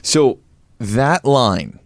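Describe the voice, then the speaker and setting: A man's voice: mid-range voice, expressive, very slow, dry recording. A man interviewing a guest in a casual podcast, listening closely and adding short reflections. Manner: attentive, backchannels with short "mm-hmm"s. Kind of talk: conversational interview.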